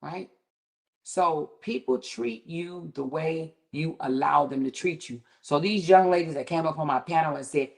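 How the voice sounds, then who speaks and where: Low-voiced woman hosting a candid livestream. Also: measured pace, creaky, a little mellow. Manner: candid, emphatic, rises sharply when indignant. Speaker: livestream host. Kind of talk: casual commentary monologue.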